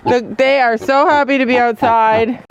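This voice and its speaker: A woman's voice: steady tone, moderate pace, highs cut off, heavy background noise. A middle-aged woman chatting casually on her farm, talking to her goats while filming. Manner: chatty, voices her goats in squeaky high tones. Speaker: vlogger. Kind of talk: casual farm vlog chat.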